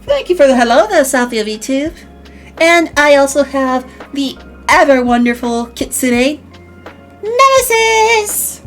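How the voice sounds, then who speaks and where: A young woman hosting a casual online talk show, animated and jokey. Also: high voice, unhurried, soft background music. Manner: animated, jokey, drops into put-on accents. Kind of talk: casual chat on a vtuber stream.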